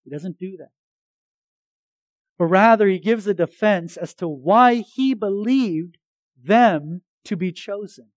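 Man preacher, high-pitched, dry close mic, moves from loud to hushed and jokes between points. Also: slow pace, dry recording, poor audio. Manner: swings between loud emphatic lines and hushed earnest ones. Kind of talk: sermon.

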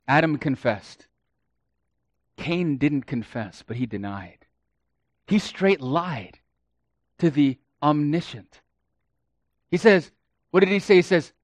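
A man preaching a sermon, dramatic, swinging between hushed and loud and acting out the quotes he reads. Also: fairly high pitch, animated, slow, pauses often, no room sound, highs cut off.

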